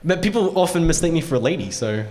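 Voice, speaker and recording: A man's voice: on the high side, lively intonation, fast, a little mellow. Rambling young male panel host. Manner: rambling, self-interrupting storyteller who laughs often. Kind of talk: casual convention panel chat.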